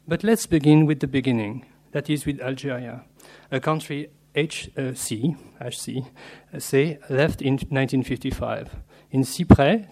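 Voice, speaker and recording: Man at a lectern reading a measured, scholarly paper on literature; middle-range voice, steady academic delivery. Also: mid-range voice. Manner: measured and scholarly, slipping in Latin and French terms. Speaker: literature scholar giving a lecture. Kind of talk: academic lecture read from a paper.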